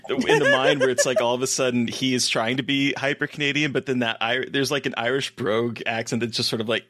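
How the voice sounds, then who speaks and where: A man's voice: medium pitch, steady tone, fast, bright, forceful tone. A man co-hosting a podcast, chatting casually and laughing easily. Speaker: podcast co-host.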